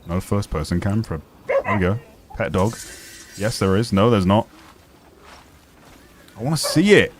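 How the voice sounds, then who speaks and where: A streamer chatting casually as he plays, joking and talking back at the game characters. His voice sits on the low side. Faint background noise runs under his speech. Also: normal speed, long pauses. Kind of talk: casual live-stream commentary.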